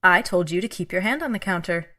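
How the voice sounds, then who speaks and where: An actress playing an eerie, inhuman female customs officer who speaks in a calm, cold, measured and menacing way. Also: lowish voice. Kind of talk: audio drama acting.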